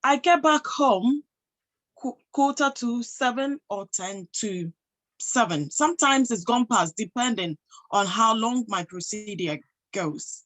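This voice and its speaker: A woman's voice: on the high side, expressive, a little slow, a bit bright, rough recording. A woman giving a motivational talk to an audience, emphatic, posing rhetorical questions and answering them herself. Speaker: motivational speaker and health professional.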